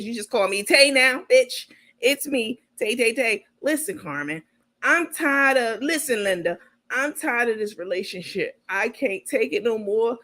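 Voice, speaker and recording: A brash, bossy woman on the phone, loud and blunt with plenty of attitude, played by a woman. Her voice sits a little high and hits hard. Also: natural voice.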